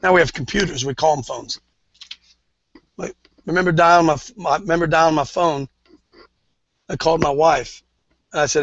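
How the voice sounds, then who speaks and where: A middle-aged man preaching a sermon, telling stories in a loose, chatty way and rising to fervent shouts. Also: on the high side, steady tone, moderate pace, pauses often, no room sound. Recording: dull, dry lo-fi recording.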